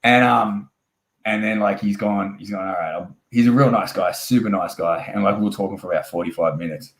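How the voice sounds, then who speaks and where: In a roomy-sounding space, a young Australian man speaks in a lowish voice at a fairly quick clip. He's a wrestler guest on a laid-back interview, telling a meandering, profane story and performing the lines of each character.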